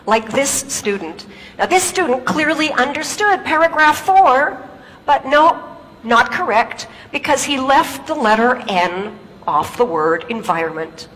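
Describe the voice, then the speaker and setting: A woman's voice: on the high side, animated, moderate pace, a bit bright, long reverb tail, slight background noise, low-quality recording. A woman giving a stage talk in her native English, telling stories and asking the audience rhetorical questions. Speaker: public speaker.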